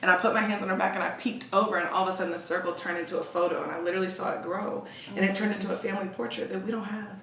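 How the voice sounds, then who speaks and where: A woman guest on a podcast, telling stories in a lively, animated way and acting out the people in them. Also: mid-range voice, very fast. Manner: animated storyteller, acts out voices with laughter. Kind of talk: casual chat. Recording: roomy echo, distant from the mic.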